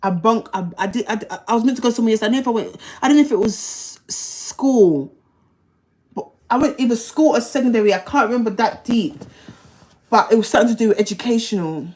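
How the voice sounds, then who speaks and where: A woman's voice: on the high side, quick pace, a little mellow. Blunt woman, slangy livestream storyteller. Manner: blunt, slangy and profane, with many repetitions. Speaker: livestream host.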